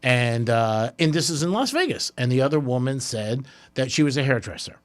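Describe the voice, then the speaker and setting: A man's voice: medium pitch, normal speed. A man hosting a radio talk show, telling a story with lots of laughter in casual banter. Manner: animated storyteller, laughs often. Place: radio studio.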